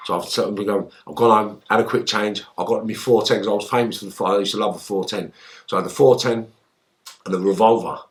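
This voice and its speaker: A man, a guest in an interview, telling a story in lively, swearing style and acting out the lines he quotes. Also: fairly low pitch, fast. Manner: animated, swearing, acts out shouted quotes.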